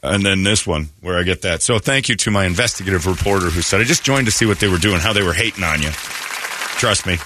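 A man's voice: sits low, a little fast, a crowd in the background, background noise. A man hosting a radio morning show, ranting sarcastically in a talk radio monologue.

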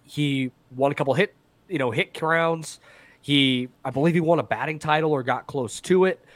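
A man's voice: a little high, moderate pace, fairly bright tone, dry recording. A man hosting a sports podcast, chatting casually and restarting his sentences as he goes. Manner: conversational, trails into restarts. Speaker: podcast host.

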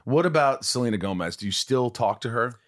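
An American man hosting an interview, asking quick questions in a playful, teasing way. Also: mid-range voice, animated, fairly bright tone. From United States. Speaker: host. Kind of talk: casual chat.

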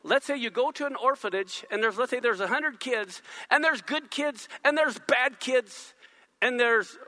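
A man's voice: very high voice, bright, forceful tone. A man preaching a sermon, teaching animatedly and asking the congregation questions.

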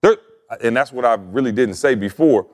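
A man's voice: medium pitch, expressive, moderate pace, darkish tone. A man co-hosting a podcast, chatting casually in a teasing, playful, hyped-up way. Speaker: podcast co-host. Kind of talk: casual chat.

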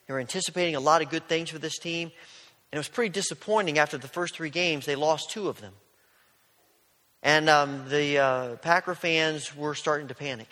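A man preaching a sermon in a conversational, storytelling way, sometimes dropping his voice to a soft near-whisper. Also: a little high, in a large hall. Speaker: pastor.

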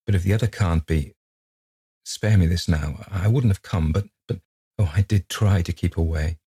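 A man's voice: low-pitched, moderate pace, warm tone, husky, no room sound, clean studio sound, exaggerated voice. A man reading a distraught young woman in an audiobook, pleading and breaking between laughter and sobs. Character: distraught young woman, sobbing, wounded pride.

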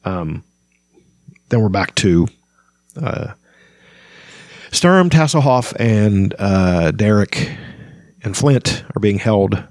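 A man reads a fantasy novel aloud and stops to chat about it casually. His voice sits low, and he often hesitates with fillers. The recording is close and dry. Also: expressive, drawn-out words, long pauses, darkish tone, no room sound. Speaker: book podcast host.

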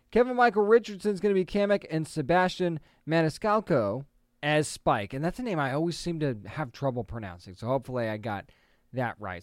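Chatty man with a smooth dry voice. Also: fairly high pitch, no room sound. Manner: chatty, opinionated, quick asides. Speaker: entertainment news host. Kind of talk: casual commentary.

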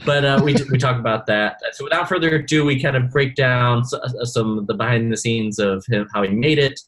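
A man's voice: mid-range voice, brisk, a bit bright, poor audio. A man co-hosting a podcast, chatting casually and rambling with lots of fillers and restarts. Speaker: podcast co-host.

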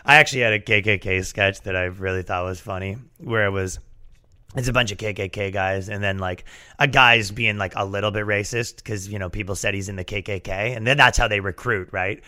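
A man hosting a podcast, riffing in a profane, animated comedic rant. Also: lowish voice, a little fast. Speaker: podcast host.

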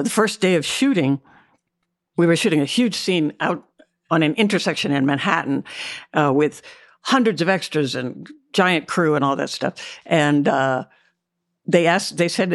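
A woman with a gravelly, fry-laden voice tells her story as an interview guest, pausing often on fillers and restarts. The sound is dry and close. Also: low voice, no echo. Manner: hesitant, many fillers and restarts, candid. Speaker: actress and memoir author, guest. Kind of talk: interview, recounting memories.

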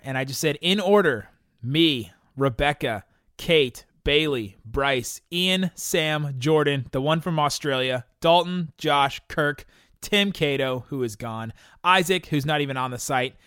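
A young man hosts a casual podcast, working through listener questions in a loose, rambling way. He laughs often, restarts his sentences and leans on fillers. His voice sits at an ordinary middle pitch and sounds dry and close to the mic. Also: a bit bright, clean tone, dry recording. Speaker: podcast host.

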